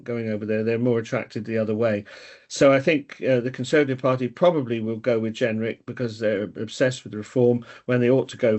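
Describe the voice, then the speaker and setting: Man giving expansive political opinions. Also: medium pitch. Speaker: political commentator. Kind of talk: casual political chat.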